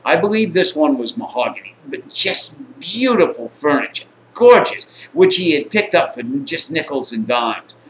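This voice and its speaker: A man's voice: a little high, moderate pace, few pauses, slight background noise. A man telling a rambling, profane personal anecdote, acting out the people in it. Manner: rambling, coarse, animated quotes. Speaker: storyteller. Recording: echoey room, faint ambience.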